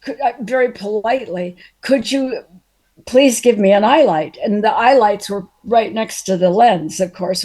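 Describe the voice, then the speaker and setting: A woman's voice: a little high, darkish tone. An older actress chatting casually as a guest, telling rambling stories about a past role and sometimes losing her thread. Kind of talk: casual reminiscing conversation.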